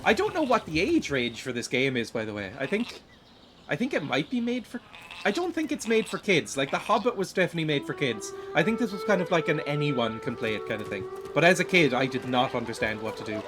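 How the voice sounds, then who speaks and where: A man's voice: on the high side, sing-song, fairly quick. A young man giving rambling, self-deprecating gameplay commentary, stumbling and repeating words as he plays at home. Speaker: streamer. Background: game music.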